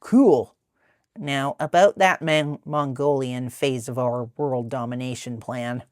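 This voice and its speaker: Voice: medium pitch, steady tone, slow pace, dry recording, lightly acted. Artist voicing a cartoon half-rat accountant, male, smug, condescending, scheming, dry room.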